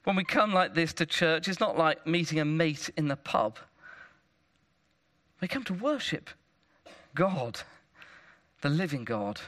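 Man, preacher, sermon, high and very animated pitch, conversational, tag questions.

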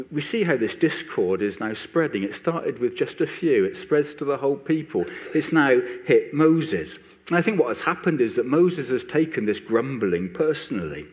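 A man's voice: mid-range voice, normal speed. A male preacher delivering a sermon, voicing biblical figures with rising intensity. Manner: animated, rising sharply when voicing biblical speakers.

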